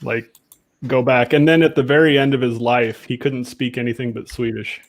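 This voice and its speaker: A man, a guest YouTuber, chatting in a relaxed way in a casual conversation. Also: mid-range voice, moderate pace. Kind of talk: casual chat.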